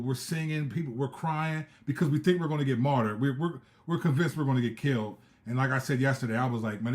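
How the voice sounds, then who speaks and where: Middle-aged preacher guy, chatty, slangy, telling a story on his live stream. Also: medium pitch. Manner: animated, conversational, with slang and asides. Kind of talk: casual storytelling testimony.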